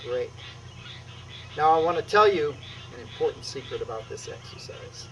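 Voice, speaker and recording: A middle-aged man teaching qi gong exercises on video, energetic and emphatic, calling out strikes with a loud "boom". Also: normal speed, a little hiss or hum, low-quality recording. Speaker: qi gong instructor.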